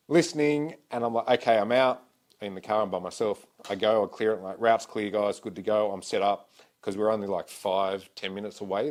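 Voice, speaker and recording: A man co-hosting a podcast, recounting a security job in a brisk, emphatic conversational way. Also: lowish voice, darkish tone. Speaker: podcast co-host. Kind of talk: casual conversation.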